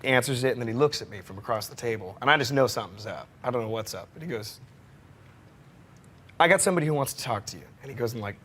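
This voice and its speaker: A man's voice: mid-range voice, expressive, fast, a bit bright. A male actor telling an eager, rambling anecdote in an interview.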